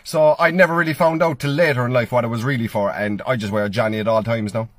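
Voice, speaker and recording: A man's voice: medium pitch, fairly even intonation, quick pace, a bit bright, dry recording. A young man with a Cork Irish accent telling stand-up stories as a comedian, chatty and always asking "do you know what I mean". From Ireland. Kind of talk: stand-up storytelling monologue.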